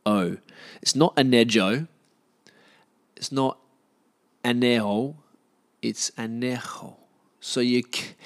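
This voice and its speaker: A man with an Australian accent, talking casually in a rambling, self-deprecating way with many fillers and restarts. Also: lowish voice. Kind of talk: casual monologue.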